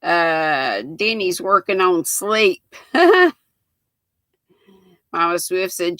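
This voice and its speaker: An older North Carolina woman with a Southern accent of her home state chats folksily on a crochet livestream, reading comments and greeting viewers by name. Her voice is on the low side and slow, with long pauses and a sharp tone. There's no echo.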